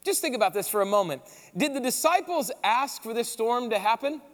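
A man preaching a sermon as pastor, telling the story in a casual, animated way with slang, in a large hall. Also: extremely high pitch, a little fast. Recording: long hall reverb.

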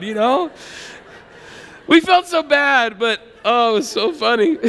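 Male pastor, 30s, high pitched, lively storyteller, reverberant hall. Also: normal speed. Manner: conversational, animated storytelling with repetitions. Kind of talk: sermon.

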